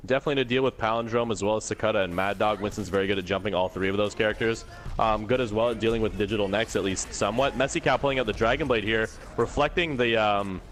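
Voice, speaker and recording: A man from Canada commentating a live online game tournament with excited, filler-heavy play-by-play. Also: on the low side. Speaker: esports co-commentator.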